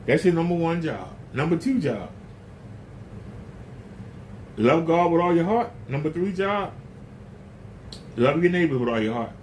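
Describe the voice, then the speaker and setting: A man's voice: fairly high pitch, lively intonation, a little slow, pauses often, a little hiss or hum. A man preaching a casual sermon in a blunt, emphatic, folksy way.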